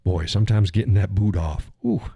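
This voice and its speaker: Low, dark-voiced man chatting casually. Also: a little fast, vocal fry, breathy edge, no room sound. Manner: rambling, profane storytelling with chuckles. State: recovering from a leg injury. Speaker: live stream host. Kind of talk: casual chat reading viewer comments.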